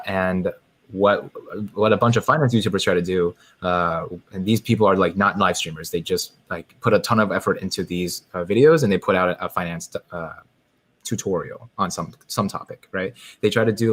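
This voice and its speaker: Low-voiced man in rambling podcast chat. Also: steady tone, moderate pace, fairly bright tone. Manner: rambling, many fillers and restarts. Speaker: podcast guest.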